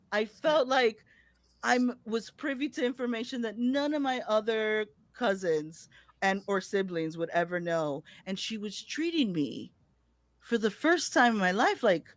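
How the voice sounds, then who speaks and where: A woman telling a personal story on stage, chatty and direct with her audience. Her pitch swings widely as she goes, and the sound is dry and close. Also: no room sound. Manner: animated, conversational, addresses audience as y'all.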